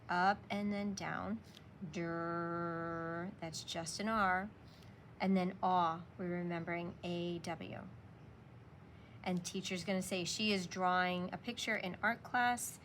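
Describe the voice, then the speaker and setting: A woman's voice: fairly low pitch, slight background noise. A woman teacher walking young children through a spelling lesson, patiently sounding out letters and sounds.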